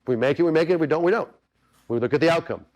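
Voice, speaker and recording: Through a muffled recording, a man with a higher, slightly mellow voice rushes through a golf coaching webinar. Earnest, casual and repetitive, he speaks directly to listeners with many asides, checking they keep up.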